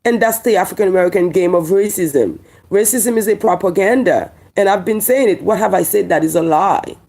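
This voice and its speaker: Gravelly Haitian woman ranting to camera. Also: medium pitch, brisk, mellow. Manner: emphatic, repeats lines and fires rhetorical questions. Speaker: online commentator. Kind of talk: heated monologue to camera.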